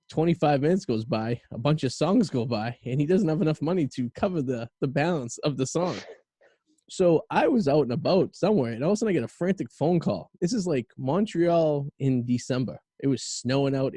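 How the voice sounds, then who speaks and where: A man tells a story fast and loose, swearing and laughing as he goes. His voice is dark and mellow, and the sound is dry and close. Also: medium pitch, husky, no echo. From Boston area. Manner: rambling, profane, laughing storyteller. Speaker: podcast co-host. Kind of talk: casual storytelling chat.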